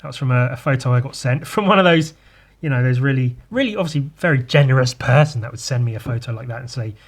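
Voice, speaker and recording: Guy rambling on his podcast, crude jokey casual chat, mid pitch. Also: fast talker. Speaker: host.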